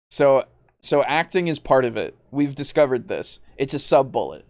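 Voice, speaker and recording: Exasperated ranting man, very lively pitch. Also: normal speed, no echo, studio quality. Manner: exasperated, animated, swears often, laughs mid-sentence. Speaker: podcast host. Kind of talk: ranting podcast discussion.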